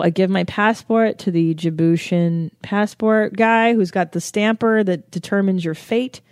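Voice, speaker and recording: A young adult woman from the United States, a comedian and podcast host, tells a travel story in a medium-pitched voice. Her comic storytelling is loaded with swearing and self-mocking jokes, recorded at studio quality with no echo.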